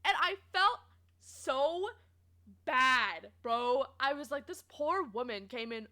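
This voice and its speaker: High, lively young woman streamer. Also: takes it slowly. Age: young adult. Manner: animated and giggly, lots of fillers, quoting others in lively voices. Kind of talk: casual rambling storytime chat.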